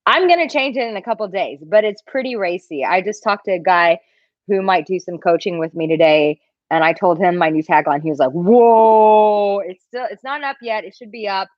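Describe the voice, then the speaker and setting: A woman dating coach talking casually on a livestream, reading out viewer comments and answering them in an animated, chatty way. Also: fairly low pitch, fairly quick, no echo, dull audio. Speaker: dating coach answering live chat questions.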